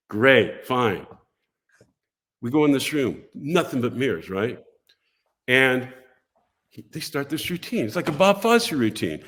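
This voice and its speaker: Lively older man telling a story. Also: medium pitch, unhurried, long pauses. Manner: lively, acts out voices and quotes in his stories. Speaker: guest. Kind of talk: animated storytelling.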